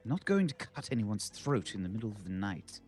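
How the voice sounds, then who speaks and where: A man voicing a polite, formal adventurer who speaks in a measured, persuasive way. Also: fairly low pitch, big pitch swings, darkish tone, soft background music. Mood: earnest.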